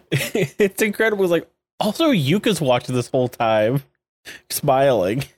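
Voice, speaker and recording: A man's voice: fairly high pitch, lively intonation, unhurried, no room sound. A man co-hosting a podcast, recapping episodes in a rambling, casual way, laughing often and leaning on fillers. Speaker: podcast co-host.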